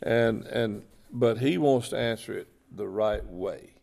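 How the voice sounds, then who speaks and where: A man's voice: lowish voice, a little slow, gravelly, darkish tone. A middle-aged man, a chaplain telling an earnest, folksy faith story and repeating his points. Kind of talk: testimony storytelling on a talk show.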